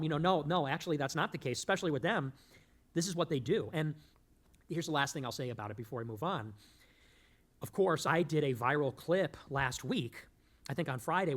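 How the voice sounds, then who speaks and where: Fast-talking man ranting on a show. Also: mid-range voice, fairly bright tone. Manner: rambling, emphatic, loses his thread and jokes. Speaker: political show host. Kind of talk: fast-talking political monologue.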